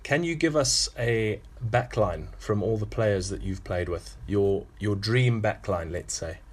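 Zim guy hosting a rugby chat, lowish voice, friendly, trips over words a bit. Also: unhurried. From Zimbabwe. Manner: friendly, repeats words, playful. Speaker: interview host. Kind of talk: casual interview chat.

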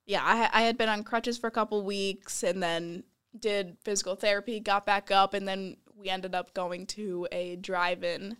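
A young woman telling a story in a casual, animated way, laughing often and acting out what people said. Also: mid-range voice, moderate pace, few pauses, clear, resonant tone.

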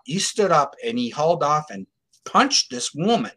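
A middle-aged man appears as an interview guest, his voice on the high side and his pace moderate. He tells a case story casually and emphatically, full of animation, and acts out what other people said.

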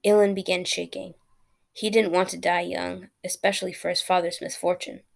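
Woman storyteller, fairy tale read aloud, gravelly fry, low voice, small slips. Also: flat delivery, normal speed. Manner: plain reading with small slips and restarts.

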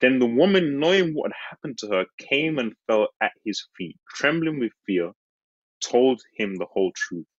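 A preacher delivers a sermon in a husky, slightly breathy voice with lively, swinging pitch, earnestly pressing his points and slowing on key phrases. He laughs and jumps high in pitch while acting out the disciples. The recording is dry and a little dull, with no room sound.

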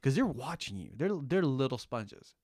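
A man's voice: medium pitch, normal speed. A man co-hosting a parenting podcast, talking casually and often repeating words as he gathers his thoughts. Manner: relaxed, repeats words as he thinks. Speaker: podcast co-host and father. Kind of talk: casual chat.

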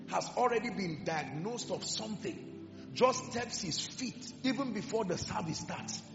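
A man preaching a sermon with passion, swinging between loud declarations and hushed emphasis. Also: high voice, gravelly. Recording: echoey hall with music behind, dull sound. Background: music.

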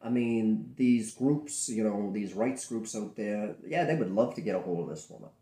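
A man producing adult films, speaking bluntly and profanely in a candid interview, telling animated stories from his own studio. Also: fairly low pitch, moderate pace. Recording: roomy echo.

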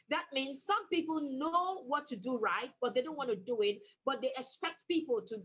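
A woman's voice: high voice, lively intonation, a little slow, a bit bright, rough recording. A woman, an author, telling a story from her working life in an emphatic, bold way as an interview guest. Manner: emphatic, bold, laughs often. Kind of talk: animated storytelling in conversation.

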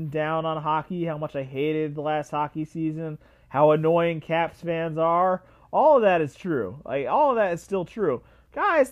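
A young man hosting a solo sports podcast, ranting with animated repetition and frequent fillers. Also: a little high. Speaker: podcast host.

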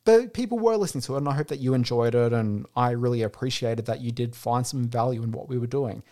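A man's voice: mid-range voice, quick pace, warm tone. Chatty man hosting a podcast. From Australia. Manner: chatty, rambling, heartfelt. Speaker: podcast host. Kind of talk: casual podcast monologue.

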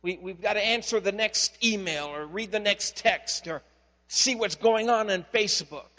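High-voiced pastor in an echoing hall. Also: male voice, moderate pace. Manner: conversational storytelling, animated. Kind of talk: sermon.

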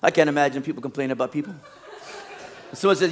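A middle-aged man preaching a sermon as pastor, swinging from loud emphatic peaks to quiet low asides and jokes. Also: quick pace, long pauses.

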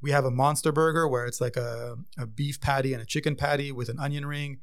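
A man who owns a vegan pub, chatting casually and telling stories, his voice often trailing off quietly. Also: medium pitch, fast talker. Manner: relaxed storyteller, trails off quietly. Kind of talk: casual chat.

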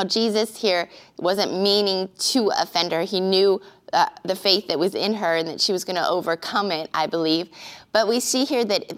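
A woman pastor giving an earnest, conversational sermon-style teaching with occasional filler pauses. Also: mid-range voice.

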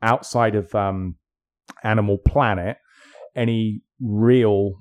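Low-voiced man, rambling and opinionated. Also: fairly even intonation, slow pace, a little mellow. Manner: opinionated, rambling, lots of fillers. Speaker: podcast co-host. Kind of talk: casual chat.

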